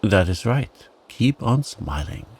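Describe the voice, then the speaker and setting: Man playing a frog, male, fussy, earnest, storybook, gravelly, unhurried. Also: mid-range voice, sing-song, a little mellow, pitched above the performer's own voice, exaggerated voice. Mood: coaxing.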